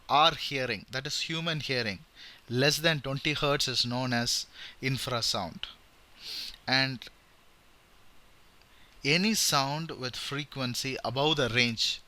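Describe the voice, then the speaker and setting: A man with an Indian English accent explains an engineering topic in a casual video lesson. His voice is bright and ringing, and his pitch swings widely. He keeps asking "right?" and "okay?", and a guitar is heard at times behind him. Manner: animated, repeats with "right?" and "okay?", demonstrates high and low voice. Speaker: engineering lecturer. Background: guitar playing.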